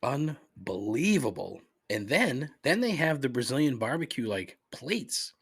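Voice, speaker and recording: A man's voice: mid-range voice, very animated, measured pace, gravelly, a bit bright, breathy edge. A man hosting a solo podcast, reading off a menu and ranting with plenty of swearing. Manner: profane, exasperated ranting. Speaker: podcast host. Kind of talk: solo comedic complaint podcast.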